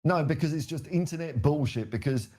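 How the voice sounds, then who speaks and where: A man's voice: a little high, a little fast, a little mellow. A man in a heated football debate, talking in a dismissive, sarcastic way and swearing. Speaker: football fan arguing on a show.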